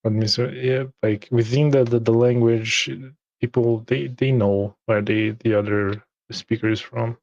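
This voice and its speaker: A man's voice: mid-range voice, steady tone, unhurried, a little mellow, no room sound, dull audio. A man from Brazil chatting eagerly about role-playing games, often repeating words.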